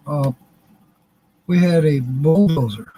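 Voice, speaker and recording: A man's voice: a little high, takes it slowly, warm tone, low-quality recording. A man hosting a live stream, chatting in a rambling, folksy and joking way. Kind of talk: casual live stream chat.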